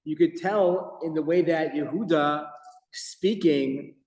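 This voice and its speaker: Rabbi teaching in an echoey office. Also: male voice, on the high side, takes it slowly. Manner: animated storytelling with Hebrew quotes. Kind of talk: Torah class lecture. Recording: echoey room with long reverb.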